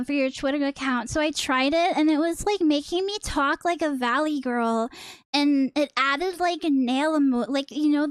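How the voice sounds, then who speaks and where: Woman, high voice, dry close sound, teasing rambling live-stream chat. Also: dry recording. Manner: playful, teasing, rambling with many fillers. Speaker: VTuber streamer.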